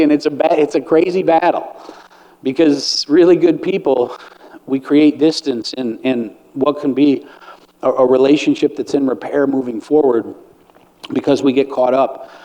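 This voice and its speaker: A middle-aged man speaking at a conference, blunt and earnest, with a pastoral warmth in his mellow tone. His voice sits a little high for a man. The sound rings with long reverb from a hall. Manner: earnest, blunt, pastoral, acts out quoted lines. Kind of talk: recovery ministry talk.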